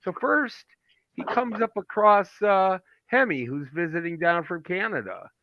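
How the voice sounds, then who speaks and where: A man in a casual group chat, telling jokes in an animated way and swearing freely. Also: high-pitched, a little slow, no echo. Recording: dull lo-fi call audio.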